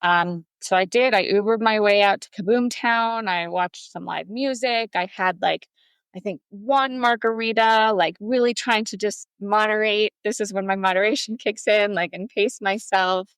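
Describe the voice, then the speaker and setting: A woman's voice: medium pitch, steady tone, moderate pace, clear, resonant tone, no echo. Chatty woman telling a story. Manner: chatty, many fillers like "um" and "like". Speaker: podcast guest. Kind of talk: storytelling in a casual interview.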